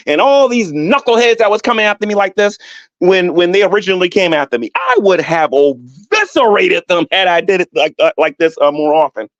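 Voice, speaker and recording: A man doing a YouTube livestream, ranting at rivals with animated, mocking talk and frequent laughter. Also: high-pitched, no echo. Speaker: YouTube commentator. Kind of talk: mocking rant to a livestream chat. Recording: dull, dry lo-fi audio.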